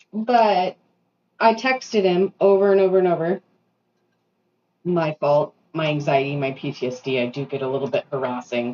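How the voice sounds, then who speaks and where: A woman in her thirties rants through a casual vlog while doing her makeup at home. Her voice sits at a middle pitch, and she breaks off into quick self-deprecating asides. The recording sounds a little dull and lo-fi. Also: a little mellow. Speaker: vlogger. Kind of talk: casual venting monologue. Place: bathroom at home.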